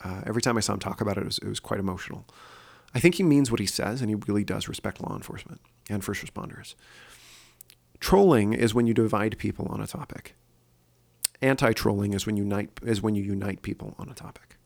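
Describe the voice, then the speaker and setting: A man's voice: fairly low pitch, quick pace, gravelly. A man hosting his own opinion podcast, talking earnestly and thinking aloud with frequent fillers. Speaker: podcast host. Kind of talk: solo opinion podcast monologue.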